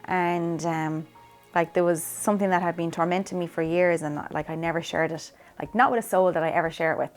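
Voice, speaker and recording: Woman chatting through her story, lowish voice, lots of "like", soft music behind. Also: fairly even intonation, a little fast. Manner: chatty, peppered with "like", acts out quotes. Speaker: interviewee sharing faith testimony. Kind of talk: personal testimony interview.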